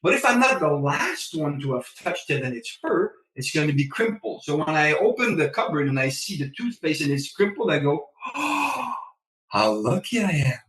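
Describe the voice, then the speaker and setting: A man talking as a podcast guest in a casual chat, an animated storyteller who acts out his own lines. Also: a little high, a little fast, hardly any pauses, far from the mic. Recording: echoey room, away from the mic.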